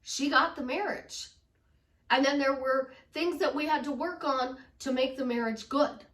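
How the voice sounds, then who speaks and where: A woman's voice: high voice, fairly even intonation, unhurried, a bit bright, echoey room, recorded from a distance. A woman life coach talking emphatically and acting out her clients' doubts in quoted voices. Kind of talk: casual motivational talk.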